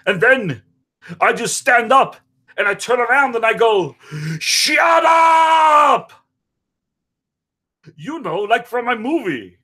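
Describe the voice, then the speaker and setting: A boastful, foul-mouthed action movie star rambles through a comedic parody interview in a high, raised voice, as a man puts him on. He jumps from story to story and breaks into bursts of shouting and sing-song. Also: animated, slow, pauses often, heavily acted. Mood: manic excited.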